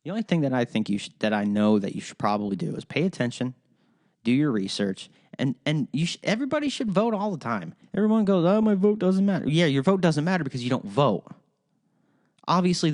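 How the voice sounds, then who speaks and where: A man hosting a solo podcast, ranting in a rambling, profane way with frequent restarts. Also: medium pitch. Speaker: podcast host.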